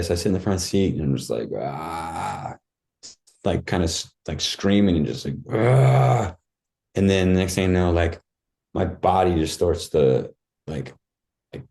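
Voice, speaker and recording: A man's voice: low-pitched, warm tone. A man guest on a podcast, telling a personal story in casual talk, acting out his own cries and thoughts and saying "dude" and "like" a lot.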